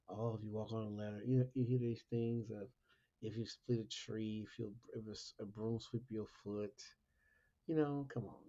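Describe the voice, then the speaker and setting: A man's voice: lowish voice, mellow. A man hosting a casual Christian talk monologue, asking repetitive rhetorical questions and laughing often. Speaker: Christian talk show host. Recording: lo-fi dull recording.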